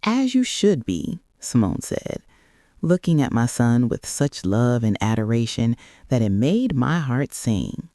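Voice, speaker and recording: A woman in her sixties narrating a first-person family story in an earnest, reflective way with dramatic pauses. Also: a bass voice, lively intonation, dark tone, dry recording, studio quality. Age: 60s.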